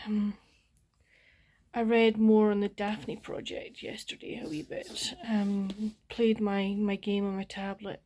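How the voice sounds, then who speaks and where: An older woman with a Scottish accent, chatting in a rambling, soft-spoken way for her diary-style book vlog at home, often dropping close to a whisper. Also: mid-range voice, flat delivery, slow pace. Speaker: book vlogger.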